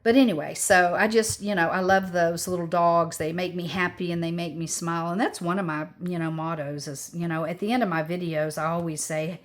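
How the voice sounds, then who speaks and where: A woman's voice: fairly low pitch, steady tone, fairly quick, few pauses. A woman of sixty chatting casually as she crafts at home, rambling and upbeat. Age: 60s. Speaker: crafting vlogger.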